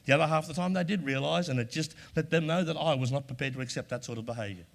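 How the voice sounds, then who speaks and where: An Australian man addresses a live audience in a large hall with a long, lingering reverb. His voice sits fairly high, and he speaks emphatically, returning again and again to key phrases and sometimes slipping into sample lines of dialogue. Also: quick pace, creaky. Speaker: workshop presenter. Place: large room before an audience.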